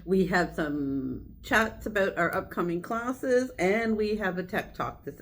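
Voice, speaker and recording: A middle-aged woman co-hosting a shop's weekly show, chatting and making announcements in a relaxed, unhurried way. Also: mid-range voice, a little hiss or hum, poor audio. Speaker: co-host. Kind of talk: casual chat.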